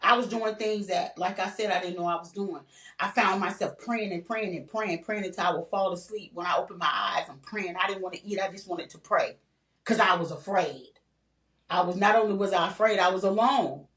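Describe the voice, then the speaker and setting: A woman's voice: medium pitch, a little fast, a bit bright. An older woman telling her personal story in a candid podcast conversation, earnest and repetitive, full of "you know" and "like". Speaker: guest sharing her story. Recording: roomy, distant mic.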